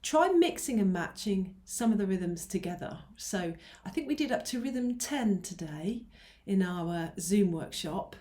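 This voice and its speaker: A woman's voice: mid-range voice, lively intonation, measured pace, few pauses, warm tone. Patient woman teaching ukulele. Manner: patient, counts beats aloud while strumming. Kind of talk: online music lesson. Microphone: mic close by, teacher moves nearer. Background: ukulele strumming.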